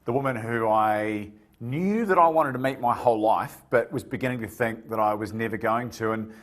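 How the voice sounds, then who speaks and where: A man hosting a podcast, telling stories in a lively, vivid way during a casual conversation. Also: fairly low pitch, moderate pace. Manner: animated, vivid storyteller. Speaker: podcast host.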